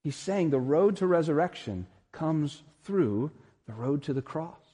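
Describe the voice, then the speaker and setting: A man's voice: a little high, expressive, a little slow, mellow, slightly rough. A man preaching a sermon as pastor, earnest and emphatic, building to peaks. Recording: long reverb in a large hall.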